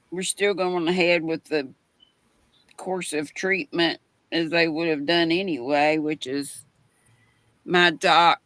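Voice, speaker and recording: A woman hosting a casual livestream chat, talking slowly and rambling with fillers. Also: low-pitched, fairly bright tone, no echo. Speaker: livestream host.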